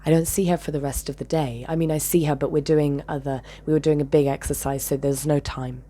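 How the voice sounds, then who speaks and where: Husky low-voiced woman telling a story. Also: steady tone, a little fast. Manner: intense, swings between loud and whispered, swears. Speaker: channel host. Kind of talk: personal storytelling.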